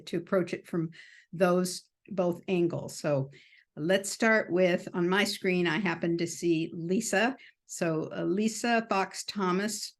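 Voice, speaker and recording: Woman host, lowish voice, measured and unhurried, moderating a video-call panel. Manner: measured, unhurried, with pauses and fillers. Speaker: host of an online clinic.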